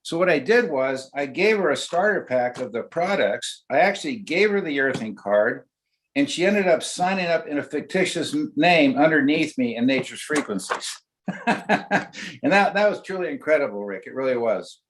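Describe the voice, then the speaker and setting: A man's voice: on the high side, lively intonation, normal speed, a little hiss or hum. Chatty older man telling a story. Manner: chatty anecdotal storyteller with many fillers and restarts. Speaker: guest, oral surgeon. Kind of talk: storytelling in a webinar.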